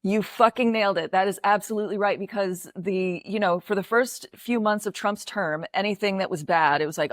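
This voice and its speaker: American female co-host, mid-pitched, blunt and profane, close dry mic. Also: moderate pace, no room sound. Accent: American English. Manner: blunt, swears freely, exasperated rants. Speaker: podcast co-host. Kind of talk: casual political chat.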